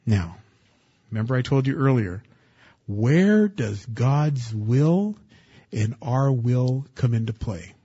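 A man, a pastor, preaching a sermon in an earnest way, going from hushed to loud and emphatic. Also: mid-range voice, expressive, takes it slowly, slightly rough, muffled recording. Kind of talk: sermon with scripture reading.

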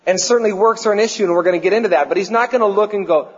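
A man preaching a sermon to his congregation, swinging between loud declarations and hushed, slow questions. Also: sits high, long reverb tail, highs cut off. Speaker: pastor.

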